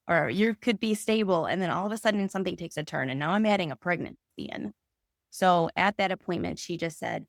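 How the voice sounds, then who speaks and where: A woman's voice: fairly low pitch, dry recording, clean studio sound. A woman, a podcast guest, earnestly telling her personal story in conversation and acting out remembered dialogue.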